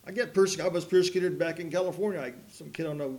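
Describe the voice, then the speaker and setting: A man preaching a sermon, mixing folksy rambling stories with slow, emphatic preaching. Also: sits high, fairly even intonation, darkish tone. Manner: folksy, rambling storytelling with asides and laughs. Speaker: pastor.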